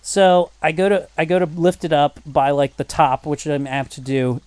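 A man telling stories in casual chat, animated, swearing freely and acting out other people's voices. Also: on the high side, moderate pace, clean tone, dry recording. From United States.

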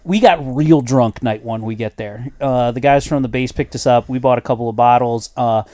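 A man's voice: medium pitch, moderate pace, a little mellow, no echo. A man telling a long travel story in a casual podcast chat, full of fillers and quoted voices. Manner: rambling storyteller, many fillers and acted quotes. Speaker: podcast host.

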